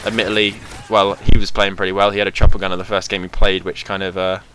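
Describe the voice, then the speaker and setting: Over gameplay footage, a young gaming channel host delivers rambling, filler-heavy commentary. He talks fast in a deep, monotone voice that still sounds bright and forceful.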